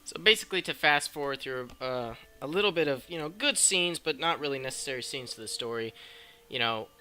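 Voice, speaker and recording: Young man, casual movie-review vlogger; profane and excitable, tense bright tone, faint music behind. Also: medium pitch, brisk.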